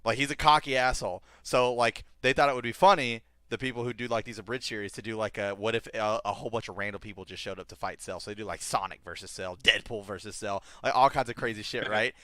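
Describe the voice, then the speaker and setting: Young guy cohosting a podcast, swears nonstop, does goofy voices, bright punchy tone, dry close mic. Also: fairly low pitch, fast talker, few pauses, dry recording. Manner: animated, swears a lot, acts out scenes in silly voices. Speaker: podcast co-host. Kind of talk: casual chat.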